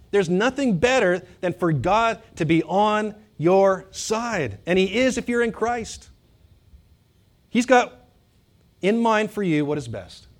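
Man, pastor, sermon, animated, emphatic, fairly high pitch. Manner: animated, swings from loud emphatic bursts to quiet asides. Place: church hall with congregation.

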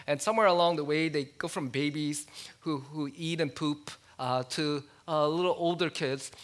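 Man, pastor, sermon, fairly high voice, talks with his listeners, goes low and soft on key words. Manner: conversational preaching with rhetorical questions, dropping low and soft on key words.

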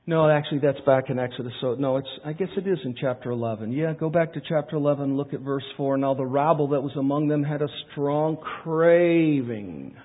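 A pastor preaching a sermon, swinging from loud pleading questions to quiet asides. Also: male voice, on the high side, moderate pace. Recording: tinny phone-like sound.

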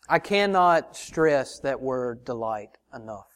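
A man's voice: fairly high pitch, lively intonation, a little slow, hardly any pauses. A man preaching a sermon as pastor, earnestly pressing the congregation with rhetorical questions and calling them brothers and sisters. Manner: addresses listeners as brothers and sisters.

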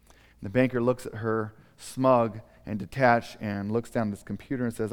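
A male preacher tells a story sermon with animated, dramatic delivery. His voice sits in a middle range, and a long hall reverb follows him. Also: medium pitch, moderate pace, clear, resonant tone.

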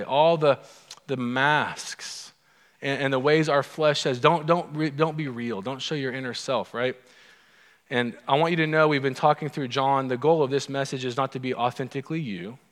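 A man's voice: mid-range voice, fairly bright tone. A man preaching a sermon as pastor, in a conversational, humorous storytelling manner. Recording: long hall reverb.

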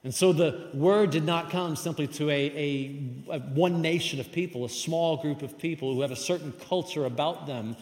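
A man's voice: on the high side, moderate pace, few pauses, darkish tone. A man giving a sermon as pastor, emphatic and conversational. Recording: echoey hall with long reverb.

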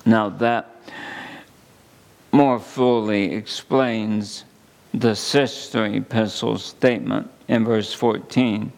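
A man preaching a sermon, reading scripture slowly and deliberately with emphatic pauses. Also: lowish voice. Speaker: pastor.

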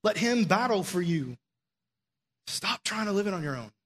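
A man preaching a sermon in a relaxed, conversational way, telling stories and often dropping in "like" as a filler. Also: sits high, moderate pace. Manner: conversational storytelling with frequent "like" fillers.

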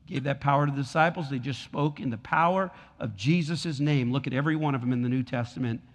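A man's voice: mid-range voice, quick pace. A man pastor preaching a sermon in a church, repeating lines and building in force. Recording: long hall reverb.

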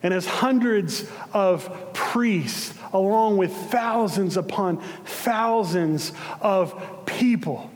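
A male pastor preaching a sermon, retelling a scene dramatically, swelling to passionate cries and sinking to a hush. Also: high-pitched, extremely slow, hardly any pauses, big-room sound. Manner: building to impassioned shouts then dropping hushed.

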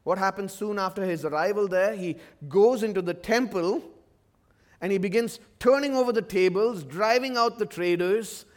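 A male pastor preaching a sermon, expressive and acting out voices from the story. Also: sits high, normal speed. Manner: expressive, acts out the disciples' voices.

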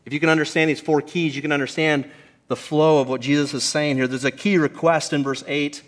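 A man preaching a sermon to a congregation, earnest and emphatic, slowing down to stress key phrases. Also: a little high, fairly even intonation. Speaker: pastor. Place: church service before a congregation.

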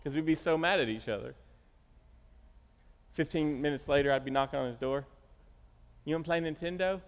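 A man's voice: mid-range voice, brisk. A middle-aged man preaching a sermon as pastor, telling stories animatedly and acting out the quotes. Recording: reverberant church hall.

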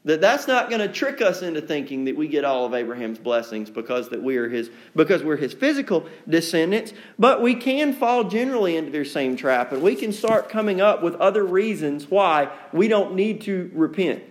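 A man's voice: a little high, very animated, normal speed, few pauses. A man preaching an evening sermon to a congregation, talking in a conversational, folksy way and acting out quotes with sarcasm. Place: church room with a congregation.

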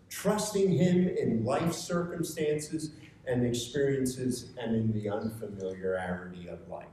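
A man's voice: medium pitch, unhurried, warm tone, a little hiss or hum. A man giving a conversational sermon to a seated group, earnest and rising to emphatic urging. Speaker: preacher. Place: meeting room with a seated group. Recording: echoey room, picked up from far off.

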